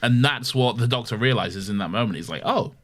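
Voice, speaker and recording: A man's voice: medium pitch, fast. A man co-hosting a podcast, recapping in a laid-back, sweary, casual way. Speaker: podcast co-host. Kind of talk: casual chat.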